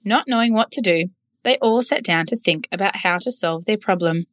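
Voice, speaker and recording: A woman reads a children's story aloud, gentle and clear. Her voice sits mid-range and sounds close and dry. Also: mid-range voice, moderate pace, no room sound.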